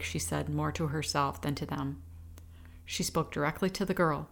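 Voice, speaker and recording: A woman reading a novel aloud as audiobook narrator, in an even, measured way. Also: sits low, vocal fry. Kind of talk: scripted narration.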